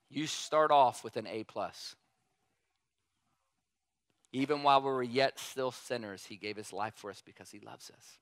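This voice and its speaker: A man preaching a sermon in a casual, animated way, telling a story and repeating emphatic refrains. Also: medium pitch, unhurried, pauses often, no room sound.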